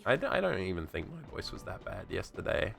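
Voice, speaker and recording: He has a deep, creaky, slightly bright voice with a brisk, sing-song delivery. Streaming a game while ill with a sore throat, he chats casually about the gameplay, rambling, swearing and talking to himself as faint music plays.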